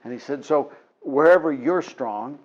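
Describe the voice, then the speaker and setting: A man's voice: medium pitch, measured pace, highs cut off. A middle-aged man hosting a TV program, telling a motivational story in a folksy, emphatic way with bursts of laughter. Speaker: TV program host.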